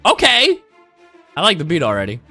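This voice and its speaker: Animated joking reaction host, a man. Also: on the high side, normal speed, soft background music. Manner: exclamatory, joking, swings between loud and mumbled. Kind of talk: comedic reaction commentary.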